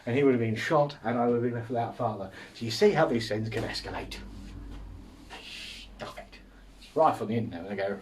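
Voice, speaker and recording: Man, casual solo comedy host, rambling and self-amused, mid pitch, recorded slightly off-mic. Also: fairly quick, far from the mic, a little hiss or hum. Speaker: podcast host.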